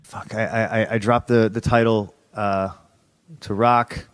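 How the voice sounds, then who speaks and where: A man's voice: lowish voice, flat delivery, a little slow, smooth, dry recording. A man in an interview telling his story bluntly, swearing often and restarting his sentences. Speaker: interview guest. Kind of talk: candid conversational storytelling.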